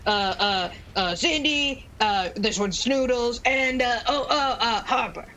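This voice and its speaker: A woman's voice: fairly high pitch, a little slow, fairly bright tone, a little hiss or hum, voice pushed up. A woman voicing a weathered old male knight who stammers awkwardly and hesitates.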